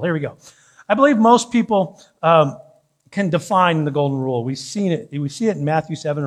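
A man preaching a sermon from the pulpit of a church, his voice sitting fairly high. He teases and jokes with the congregation, then presses his points with growing fervor. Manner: joking, teasing the congregation, rising to fervent. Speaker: pastor.

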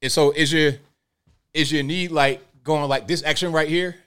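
Animated male show host. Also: fairly high pitch, moderate pace, smooth. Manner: animated, full of rhetorical questions. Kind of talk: live commentary show.

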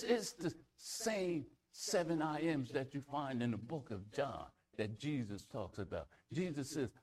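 A male pastor delivering a sermon at an unhurried pace. His pitch rises and falls widely as he moves between ringing declarations and hushed near-whispers. He reads scripture aloud and repeats words to build emphasis. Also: husky. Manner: reads scripture aloud in King James wording.

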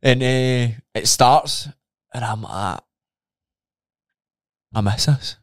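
Man, podcast co-host, lively sweary storyteller, dry close sound. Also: medium pitch, drawn-out words, dry recording. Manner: animated storytelling, swears often, acts out his own reactions. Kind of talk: casual chat.

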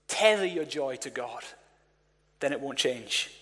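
Energetic male pastor in reverberant hall. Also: medium pitch, a little slow. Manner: energetic, calls on the congregation to respond. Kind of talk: sermon. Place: church hall.

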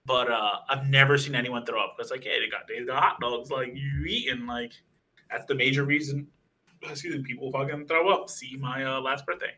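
Rambling, bright-voiced young man. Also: steady tone, a little fast, rough recording. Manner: rambling storyteller, swears a lot; acts out other people's lines in higher voices. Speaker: podcast co-host. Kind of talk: casual podcast chat.

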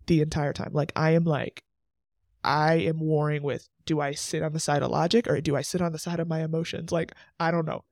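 Earnest young man with a gravelly edge. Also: fairly high pitch, darkish tone, no echo, studio quality. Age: 20s. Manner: earnest, emotional, chatty with many "like" asides. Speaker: podcast host. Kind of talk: faith podcast monologue.

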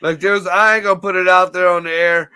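A man's voice: high-pitched, flat delivery, fairly quick, sharp tone, clear, resonant tone. A man as a podcast guest, telling laid-back stories and swearing freely. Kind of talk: casual podcast chat.

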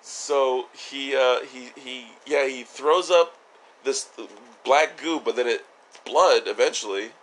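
A man's voice: mid-range voice, takes it slowly, a bit bright. A man co-hosting a podcast, chatting casually about a TV episode, jokey, swearing and laughing often. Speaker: podcast co-host. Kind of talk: casual chat reviewing a TV episode.

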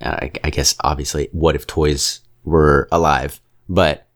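A man's voice: extremely low pitch, level tone. A man co-hosting a podcast, chatting casually and rambling about a film with strong opinions. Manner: rambling, opinionated, keeps slipping into quick character impressions. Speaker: podcast co-host reviewing a film. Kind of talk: casual chat.

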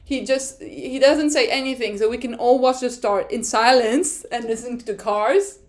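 A woman with a French accent hosts a podcast in casual explainer style. She speaks in a fairly high voice, gushing and excitable, and laughs often. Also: moderate pace. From France. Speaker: podcast host.

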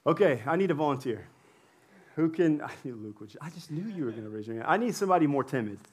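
A man's voice: a little high, animated, quick pace, darkish tone, soft background music. A male pastor preaching to his congregation in a playful, chatty way and laughing often as he brings volunteers up on stage. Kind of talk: sermon with audience interaction. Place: church hall with congregation.

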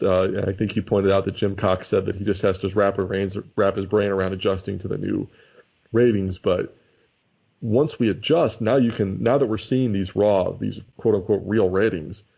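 A man's voice: on the low side, creaky, mellow, husky. A man co-hosting a casual podcast chat, thinking aloud and often restarting his sentences. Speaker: podcast co-host. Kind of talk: casual chat about a baseball sim league. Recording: dull lo-fi audio.

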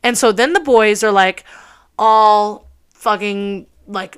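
A woman in her early twenties telling a personal story in a casual, animated way, full of swearing and filler words. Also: medium pitch, measured pace, smooth. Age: early 20s.

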